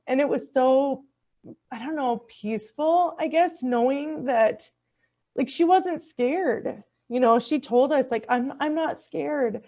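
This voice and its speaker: A middle-aged woman telling a personal story in conversation, earnest and heartfelt, often restarting her sentences. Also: takes it slowly. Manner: acts out quoted speech in a higher, softer voice. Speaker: podcast guest.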